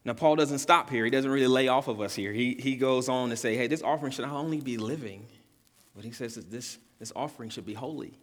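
Male pastor, mid pitch, earnest sermon delivery that swells at climaxes, reverberant hall. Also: fast. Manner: earnest preaching, repeats key words for emphasis; builds in pitch and volume on climaxes.

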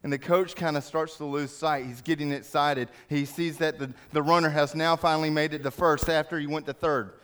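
A man preaching to a church, telling an everyday story with animated bits where he acts out yelling crowds. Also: on the high side, brisk, hardly any pauses, smooth. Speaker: speaker in a church service. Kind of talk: sermon with storytelling.

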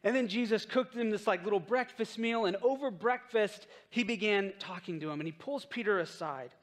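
A man with a fairly high voice gives a sermon in a relaxed, conversational way. He tells the story and acts out the lines of the people in it. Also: brisk. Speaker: pastor.

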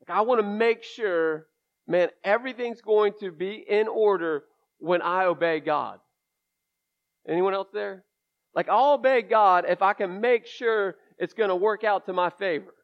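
Guy preaching in church, highish voice, folksy and real candid, kinda muffled recording. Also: unhurried. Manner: folksy, candid, emphatic asides. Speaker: pastor. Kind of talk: conversational sermon. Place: church sanctuary. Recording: dull lo-fi sermon recording.

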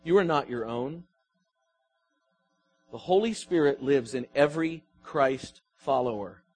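A man's voice: mid-range voice, lively intonation, a little slow, darkish tone, slightly rough, soft background music. A man preaching a sermon as pastor, his emphasis swelling and falling as he asks the congregation questions.

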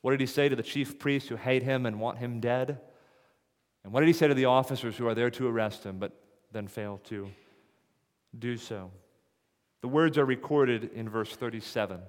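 A man's voice: mid-range voice, normal speed. Male pastor, sermon delivery, questioning style, mid-range voice, long church reverb. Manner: rhetorical questions, rising to emphatic peaks. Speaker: preacher. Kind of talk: expository sermon. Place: church sanctuary.

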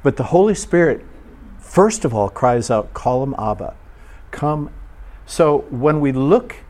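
A man preaching an informal sermon to a live audience, asking them questions and acting out short quoted voices. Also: fairly low pitch. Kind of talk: conversational sermon.

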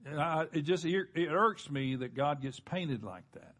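A man preaching a sermon, earnestly, slowing down and dropping low for emphasis and calling on the congregation to respond. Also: a bit bright. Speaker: pastor.

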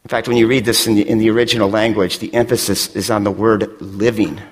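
A middle-aged male pastor from West Michigan preaches with fervor, pushing his voice up toward near shouts. The sound carries a long reverb, as if it were picked up in a big church sanctuary. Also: on the low side, flat delivery, fast. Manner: impassioned, rising to near shouts. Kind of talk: sermon.

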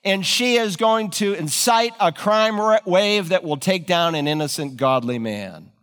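A man preaching a sermon, retelling scripture with animated, dramatic storytelling in a church. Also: sits high, unhurried, smooth, in a large hall. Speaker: pastor.

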